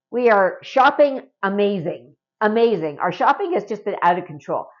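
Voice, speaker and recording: A woman's voice: mid-range voice, dull audio. A middle-aged woman from Canada talking casually and earnestly to camera in a home vlog, often adding a rhetorical "right?". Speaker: vlogger.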